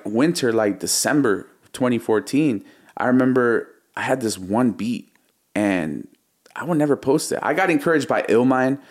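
A man in his thirties, a music producer as interview guest, telling a story in a slangy, animated way and acting out what he said back then. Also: mid-range voice.

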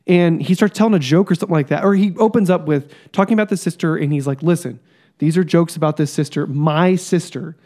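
A man co-hosting a casual podcast chat, ranting in a profane, animated way. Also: on the high side, fast talker. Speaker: podcast co-host.

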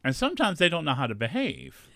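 A radio host with a bright, fairly high voice that swoops up and down as he teases his guest. His manner is campy and gossipy, and the studio sound is dry and close. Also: fast, vocal fry, no echo. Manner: campy, teasing, animated banter. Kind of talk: casual celebrity interview.

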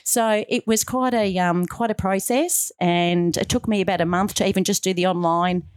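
A woman's voice: medium pitch, normal speed, dry recording, studio quality. A middle-aged woman being interviewed as a guest, telling her story in an earnest, heartfelt way and acting out the dialogue she quotes. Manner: animated, acts out quoted dialogue.

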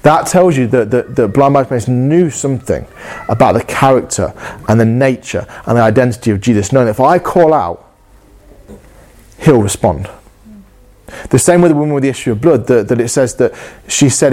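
A man's voice: mid-range voice, expressive, moderate pace, darkish tone. Earnest male preacher. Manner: earnest, passionate, repeats and restarts phrases. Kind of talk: sermon.

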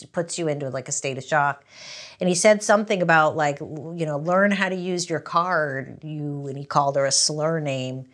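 Rambling middle-aged woman telling stories. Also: sits low. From US East Coast. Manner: rambling, animated, many restarts and fillers. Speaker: interview guest, memoir author. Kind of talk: candid interview storytelling.

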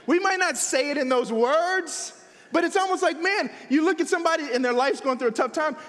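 A male pastor preaching a sermon in a conversational, animated way, full of rhetorical questions. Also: very high-pitched, brisk, big-room sound. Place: church sanctuary.

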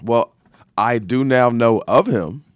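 A man co-hosting a casual sports talk show, making his points slowly and deliberately. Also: mid-range voice, no room sound, clean studio sound. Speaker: podcast co-host.

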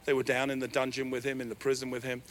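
A man preaching a sermon as pastor, animated, with sudden swings between loud, raised lines and quiet asides. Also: mid-range voice, fast, a little hiss or hum.

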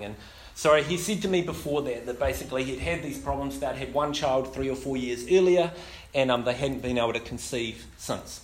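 A man's voice: medium pitch, brisk, a little hiss or hum. A man, a pastor preaching a sermon full of self-deprecating stories and many fillers. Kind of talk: sermon with humorous storytelling.

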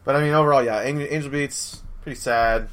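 A man's voice: mid-range voice, steady tone, fast, fairly bright tone. A young man hosting a casual chat, rambling with lots of fillers and acted-out quotes.

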